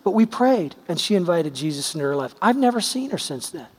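A man's voice: high-pitched, sing-song, fairly quick, breathy edge, in a large hall. A man preaching a sermon, telling stories with acted-out quotes in a conversational, emphatic way. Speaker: pastor.

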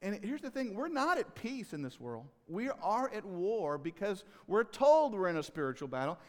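Man preaching, fairly high voice, earnest, big swells and quiet drops, long hall echo. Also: big pitch swings, normal speed. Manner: earnest, swells loud on key phrases and drops low. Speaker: pastor. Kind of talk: sermon.

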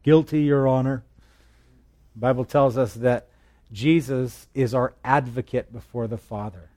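A man's voice: medium pitch, fairly even intonation, normal speed, darkish tone. A man teaching through a Bible passage in a conversational way, asking his listeners questions and telling jokes along the way. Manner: chatty, asks the listeners questions, tells jokes.

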